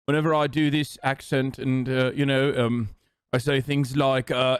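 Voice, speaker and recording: A man hosting a stream, reacting to a video in casual, excitable, profane commentary. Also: mid-range voice, moderate pace, clean tone, no echo, studio quality. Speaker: streamer host.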